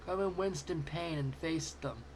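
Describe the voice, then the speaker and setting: A man's voice: on the high side, unhurried, a little hiss or hum. A man reading fanfiction aloud, amused and stumbling over words now and then. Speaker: fanfiction reader.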